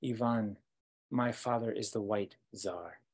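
A man's voice: on the low side, slow pace. A man voicing a meek young prince. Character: young male prince, earnest adolescent.

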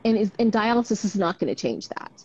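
Husky-voiced woman doctor, frank and animated. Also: mid-range voice, quick pace. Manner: frank, animated storyteller with many tag questions. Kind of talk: casual conversation on a live stream. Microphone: video call. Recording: dull lo-fi live stream audio.

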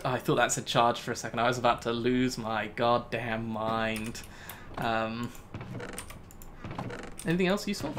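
Male gamer, casual commentary, exasperated self-talk, average pitch, faint typing. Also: noisy background. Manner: self-talking, exasperated, laughs at himself. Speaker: gaming YouTuber. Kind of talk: casual Let's Play commentary.

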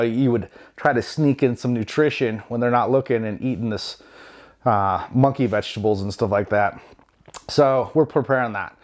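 A man from the United States, perhaps in his thirties, tells a story from home in a casual, meandering way. His delivery is wry and self-deprecating, full of ums and asides, at a middling pitch. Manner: rambling, wry, self-deprecating, many fillers.

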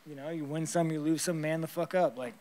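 A man's voice: a little high, steady tone, fast talker, darkish tone. A man answering press questions after a fight, blunt and rambling, swearing heavily and tired.

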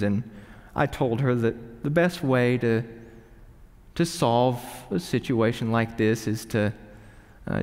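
A man preaching a sermon with earnest emphasis, moving from quiet reflection to urgent pleading. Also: medium pitch. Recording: reverberant hall.

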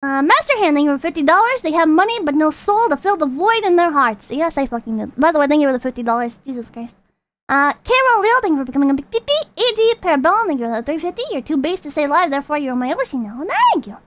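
A woman streamer ranting and reading chat in a profane, animated, casual way. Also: high voice, quick pace.

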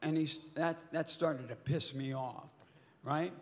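Slow-paced and animated, a slightly high-voiced older man spins a story for a convention audience as a panel guest. At the high points he swears and shouts, his voice echoing through a long hall reverb from a handheld stage mic.

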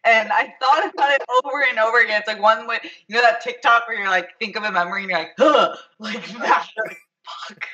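A man talking as a panel guest, gushing and quick to laugh. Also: sits high, muffled recording. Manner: gushing, animated, laughs easily. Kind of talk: casual panel chat.

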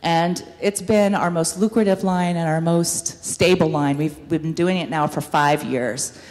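A woman's voice: on the low side, a little slow, a little mellow. A woman giving an upbeat business presentation to an audience, with frequent ums. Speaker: guest speaker, business owner. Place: university hall. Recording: hall reverb from a room mic.

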